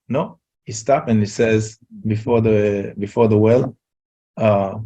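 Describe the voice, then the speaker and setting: A man telling a Torah story in a casual talk, halting and repeating words. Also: mid-range voice, darkish tone. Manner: halting, repeats words, Yiddish-laced English. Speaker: rabbi giving a talk.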